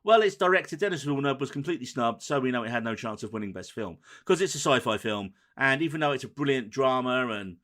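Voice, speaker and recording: A man hosting a film and TV podcast in casual chat, brisk and teasing as he runs through the rundown. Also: medium pitch, lively intonation, fairly bright tone. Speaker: podcast host.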